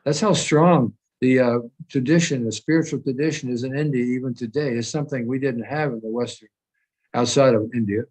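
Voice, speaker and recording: A man's voice: medium pitch, fairly even intonation, darkish tone, rough recording. Older man telling stories on a call. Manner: measured, anecdotal storytelling. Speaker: guest speaker. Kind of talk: reminiscing conversation. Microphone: video call.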